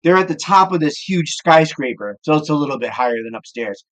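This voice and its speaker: A middle-aged man with a Midwestern American accent hosts his own cooking show, chatting casually between tasks. He rants like a gruff, profane curmudgeon. His voice sits a little high for a man. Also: animated, a little fast, a bit bright.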